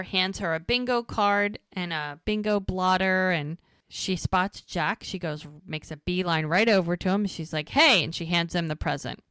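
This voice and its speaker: A woman co-hosting a podcast, casually retelling scenes and acting out the characters' lines in quick voices. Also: medium pitch, bright, forceful tone, smooth, no echo. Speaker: podcast co-host recapping episodes.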